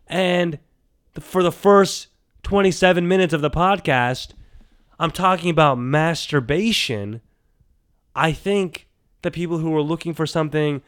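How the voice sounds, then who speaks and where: Guy rambling on his solo podcast, talks to himself, smooth clear voice, dry close sound. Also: medium pitch, no echo. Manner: animated, talks to himself, swings from loud to mumbled. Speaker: podcast host.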